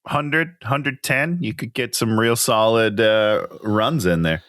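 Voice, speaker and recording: Laughing, bright-toned man reviewing a film. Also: fairly low pitch, slow, dry recording, clean studio sound. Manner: animated, laughs often, incredulous commentary. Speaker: podcast co-host. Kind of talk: casual chat reviewing a movie.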